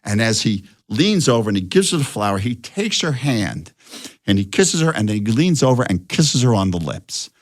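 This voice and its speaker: Animated older man telling a story. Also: fairly low pitch, normal speed. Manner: lively storyteller acting out quoted voices. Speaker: guest director.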